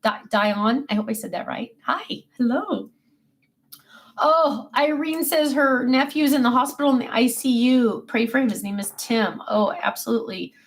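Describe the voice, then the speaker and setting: A chatty woman with a slightly high voice hosts a relaxed livestream from her desk. She rambles happily and pokes fun at herself as she answers her viewers. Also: moderate pace. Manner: chatty, self-mocking, warm replies to viewers. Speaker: livestream host. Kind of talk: casual chat reading viewer comments. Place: home desk.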